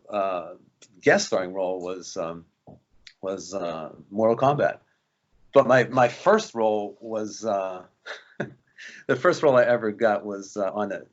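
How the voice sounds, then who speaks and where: A man's voice: on the low side, muffled recording. A man, an actor guest, telling anecdotes in a casual interview and acting out the voices of people he quotes. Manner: animated, acts out quoted voices.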